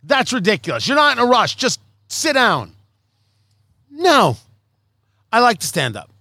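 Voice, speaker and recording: A man co-hosting a podcast, chatting casually in an animated, joking, self-mocking way. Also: very high voice, fairly quick, vocal fry, no echo, studio quality. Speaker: podcast co-host. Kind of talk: casual banter.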